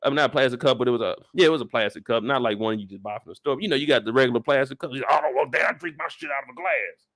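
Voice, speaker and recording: A man hosting a casual live after-show discussion, ranting comedically with heavy slang and swearing, and jumping into loud voices for the people he quotes. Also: medium pitch, very fast. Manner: animated, comedic rant with lots of slang and swearing. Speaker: show reaction host.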